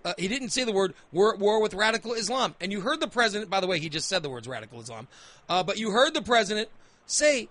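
A male talk radio host who argues emphatically, circling back over his own phrases as he pushes his point. His voice sits high and sounds bright and forceful. The studio sound is dry and close. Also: lively intonation, fast talker, no echo. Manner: emphatic, argumentative, repeats phrases. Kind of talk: opinionated talk radio debate.

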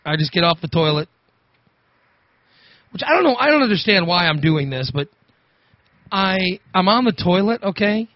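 A man's voice: high voice, lively intonation, normal speed, long pauses, dry recording. A man telling a rambling, repetitive story in casual chat, laughing often. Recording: dull lo-fi recording.

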